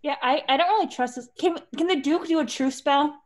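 A woman's voice: high-pitched, fairly quick. A young woman playing a tabletop game, blunt and casual, swearing freely. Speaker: player.

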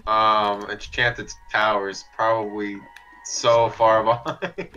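A man cracking quick jokes with friends during a game race. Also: lowish voice, flat delivery, sharp tone, smooth, dull audio, faint music behind. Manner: joking, quick quips. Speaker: player.

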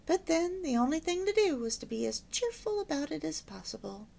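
A woman narrating an old-fashioned storybook in a soft, hushed way. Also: high voice, big pitch swings, a little fast, creaky, slight background noise. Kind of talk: audiobook narration.

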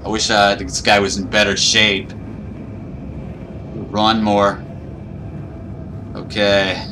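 Guy freaking out playing a scary game, lowish voice, hissy noisy mic. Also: level tone, takes it slowly. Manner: nervous, panicky self-talk. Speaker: gaming YouTuber. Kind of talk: horror game let's play commentary.

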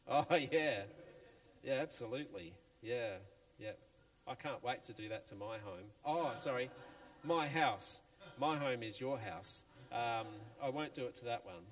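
A man tells a children's Bible story in church in a playful, chatty, animated way. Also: medium pitch, a little slow. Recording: long church reverb, faint music.

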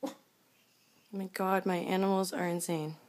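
A woman's voice: on the low side, level tone, moderate pace. A woman at home filming her dogs on the couch, coaxing them in a repetitive sing-song pet voice. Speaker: dog owner filming her pets. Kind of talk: home video talk to pets. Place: home living room with a couch.

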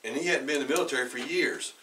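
Bright-voiced pastor preaching from a distance. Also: male voice, mid-range voice, rapid-fire, a little hiss or hum. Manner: conversational, repeats words and restarts, clears throat often. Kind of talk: sermon with personal storytelling. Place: church sanctuary. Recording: bright voice heard from away from the mic.

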